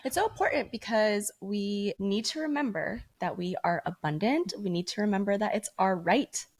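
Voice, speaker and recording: A young woman co-hosts a podcast, telling stories in loose, slangy chat. She is playful and chatty, with a voice at a middle pitch. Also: moderate pace. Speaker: podcast co-host. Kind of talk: casual chat.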